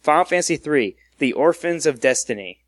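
A man hosting a casual gaming podcast, reading through a list briskly and joking with his co-hosts. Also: on the high side, lively intonation, no room sound. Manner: reads a list briskly, jokey. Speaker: podcast host.

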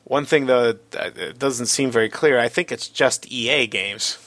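A man co-hosting a casual gaming podcast, reading out news items with a halting delivery and many fillers. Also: mid-range voice, pushed and bright, dry recording.

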